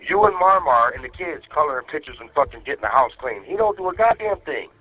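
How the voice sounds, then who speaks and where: A man's voice: fairly high pitch, lively intonation, fast, breathy edge. A man on a phone call with his wife, ranting angrily and swearing heavily. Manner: angry, profane ranting. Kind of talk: casual phone conversation. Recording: tinny phone line.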